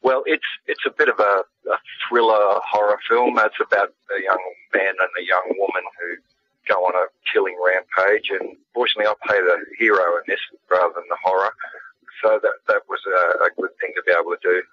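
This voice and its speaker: A middle-aged Australian actor, a guest on a casual radio interview, speaks in a low, slightly rough voice with fairly even intonation and a brisk pace. He's laid-back and plain-spoken, often restarting his sentences. The radio audio sounds dull and lo-fi.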